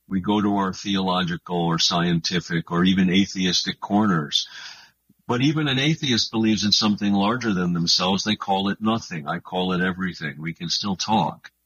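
A man being interviewed on the radio about his books, talking in an earnest, thoughtful and unhurried way. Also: low voice, a bit bright, husky, dry recording, muffled recording. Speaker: guest author.

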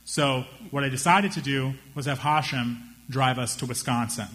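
A young man doing stand-up storytelling, animated and acting out the people in his story with raised voices. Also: medium pitch, normal speed, noisy background. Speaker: stand-up comedian.

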